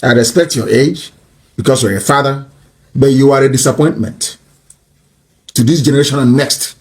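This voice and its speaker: A man delivering an impassioned, mocking political tirade that rises to shouts. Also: mid-range voice, moderate pace. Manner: mocking, scornful, rising to shouts.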